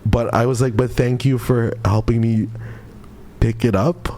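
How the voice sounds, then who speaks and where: Young male streamer, lowish voice, flustered rambling storyteller with casual swearing. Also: normal speed, dark tone, a little hiss or hum. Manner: rambling, flustered, heavy on "like" fillers; swears casually, addresses chat as "bro" and "guys".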